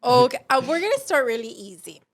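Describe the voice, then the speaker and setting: A woman's voice: high-pitched, very animated, fairly quick, a crowd in the background. A woman hosting a casual podcast, teasing her guests with a laugh and slipping in Spanish words. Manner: playful, teasing, laughs a lot, drops in Spanish. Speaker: podcast host. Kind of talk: casual chat.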